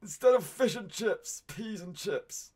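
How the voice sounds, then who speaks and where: A British man streaming live, reacting to viewers' meals with excited outbursts and constant "mate". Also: sits high, measured pace, slightly rough.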